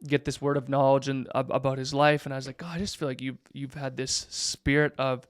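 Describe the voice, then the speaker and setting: A man in his thirties, a pastor, telling a story in a relaxed chat with plenty of fillers. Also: mid-range voice, a little fast, clear, resonant tone, dry recording, clean studio sound. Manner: animated storyteller, many fillers. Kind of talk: casual podcast storytelling.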